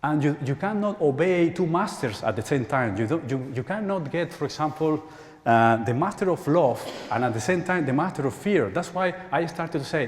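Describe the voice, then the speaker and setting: A man with a Spanish accent giving an animated inspirational talk at a conference, acting out quoted voices and laughing often. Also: on the high side, normal speed. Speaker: conference speaker. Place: large church hall. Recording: echoey hall with long reverb.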